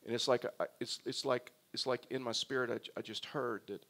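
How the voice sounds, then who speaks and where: A man, a pastor, preaching a sermon in a conversational way that turns emphatic and animated. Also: mid-range voice, brisk, hardly any pauses.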